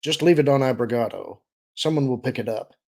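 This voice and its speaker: A man's voice: medium pitch, fairly quick, creaky, a little mellow. Shrewd smuggler chief, voiced by a male reader: calculating, persuasive, some grit in the voice.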